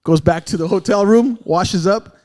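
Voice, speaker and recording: Animated male storyteller. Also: high-pitched, moderate pace. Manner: animated, acts out other people's lines in the story. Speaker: podcast guest, radio veteran. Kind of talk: casual storytelling.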